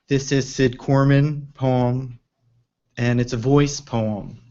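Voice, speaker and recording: Slow, reflective man on a dull recording. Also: mid-range voice, steady tone, warm tone. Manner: reflective, halting, with restarts. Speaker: poetry reader and commentator. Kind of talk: spoken commentary on a poem.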